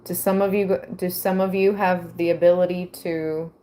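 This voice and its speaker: A woman giving a tarot reading to her viewers, reading aloud and musing with soft exclamations. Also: lowish voice, little pitch movement, moderate pace. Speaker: tarot reader.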